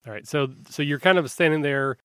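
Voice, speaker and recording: A male game master narrating a tabletop game, describing scenes in a loose, rambling way and often restarting his sentences. His voice sits at an ordinary pitch and sounds dry and close. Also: brisk, fairly bright tone, clear, resonant tone, no echo.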